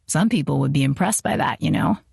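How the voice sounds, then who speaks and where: Audiobook: narrator playing a cultured, dryly teasing boss, lowish gravelly tone, close dry mic. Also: female voice, expressive, fairly quick, a little mellow, no room sound, full character voice. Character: suave confident wealthy man, teasing boss.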